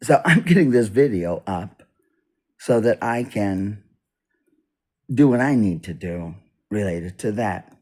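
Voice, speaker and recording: A man with a fairly low voice speaks slowly in an unscripted monologue for his own video. His pitch moves a lot, and he stops, repeats and restarts as he goes. His volume rises and drops from phrase to phrase. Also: expressive. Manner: halting, repeats and restarts, swings loud and soft. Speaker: video blogger. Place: indoors, US east coast.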